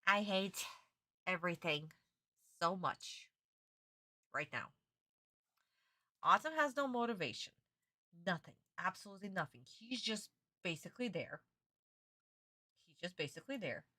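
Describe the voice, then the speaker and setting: A woman's voice: fairly low pitch, big pitch swings, unhurried, pauses often, sharp tone, no echo, studio quality. A young woman ranting in a casual live-stream reaction, exasperated and swearing freely.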